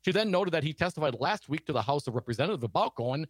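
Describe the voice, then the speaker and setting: A man's voice: fairly high pitch, animated, rapid-fire, no room sound. A man co-hosting a political talk show, reading news stories aloud and adding sarcastic asides.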